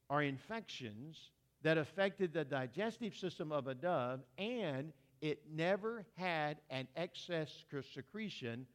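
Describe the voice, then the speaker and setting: Preacher guy, kinda high voice, folksy and chatty, talks right to the pews. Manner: folksy, conversational preaching with asides to the congregation. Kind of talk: sermon.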